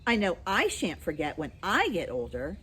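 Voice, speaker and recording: A woman voicing a chatty, scornful baby boy twin in a storybook reading, in a high childlike voice. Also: wildly swooping pitch, normal speed, fairly bright tone, slight background noise. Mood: indignant.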